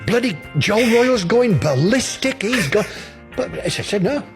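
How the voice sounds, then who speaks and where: Former referee, high and lively voice, cheeky sweary storyteller, music bed. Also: male voice, measured pace. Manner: sweary, chuckling, acts out both sides of a story. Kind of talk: anecdote telling on a podcast.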